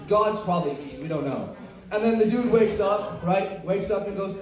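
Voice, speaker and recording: A man's voice: sits high, normal speed, darkish tone. Rambling young male stand-up comic. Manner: rambling, self-deprecating, lots of fillers. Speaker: stand-up comedian. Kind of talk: stand-up comedy set. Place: comedy club stage. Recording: roomy, distant live club mic.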